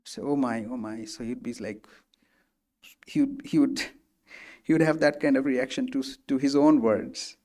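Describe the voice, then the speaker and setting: A man speaking as a guest lecturer, at a pitch in the middle for a man. His talk is loose and conversational, with frequent false starts, and he briefly acts out the people in his stories. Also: moderate pace, darkish tone. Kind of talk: spiritual lecture, storytelling.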